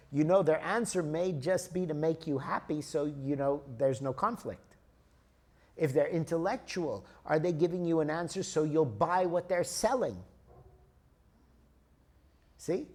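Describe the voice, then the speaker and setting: A man's voice: a little high, darkish tone. Older man giving a spiritual lecture. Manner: storytelling, conversational, explains with examples.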